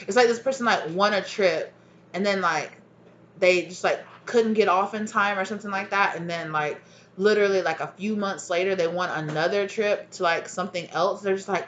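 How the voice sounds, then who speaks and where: A woman's voice: medium pitch, normal speed, a bit bright, lo-fi sound, a little hiss or hum. A woman giving a casual tarot reading to her viewers, rambling and chatty, laughing often and calling them y'all. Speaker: tarot reader.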